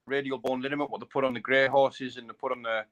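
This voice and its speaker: A man's voice: medium pitch, flat delivery, quick pace, a bit bright. A man, a bare-knuckle fighter, chatting casually and rambling, repeating himself and saying mate a lot. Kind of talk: casual live chat.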